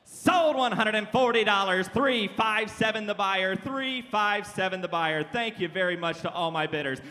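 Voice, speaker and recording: A man working as an auctioneer contestant, calling bids in a rapid rhythmic chant on a convention stage. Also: high-pitched, pushed and bright, in a large hall. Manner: fast rhythmic bid calling. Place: large convention hall stage.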